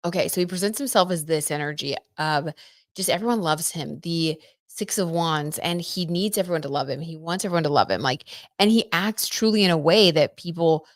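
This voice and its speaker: A woman giving a casual live tarot reading in a chatty, excitable way, full of fillers. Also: lowish voice, no room sound, studio quality. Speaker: tarot reader.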